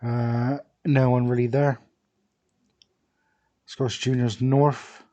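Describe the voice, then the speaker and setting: A young man talks casually over a football management game, rambling and thinking aloud with plenty of fillers and pauses. His voice is mellow and warm, at an ordinary middle pitch, close to a desk microphone. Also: flat delivery. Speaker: gaming video creator.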